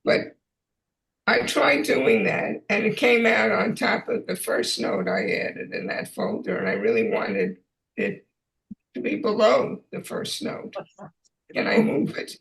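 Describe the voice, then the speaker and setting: A man in a tech class asking an earnest, careful question. His high voice is heavily gravelly and swoops widely up and down. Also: sing-song, measured pace, a bit bright, rough recording.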